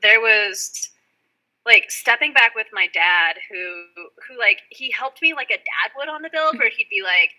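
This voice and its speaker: A young woman chatting casually on a podcast, telling rambling, animated stories and acting out quotes. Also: a little high, unhurried, rough recording. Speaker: guest van dweller.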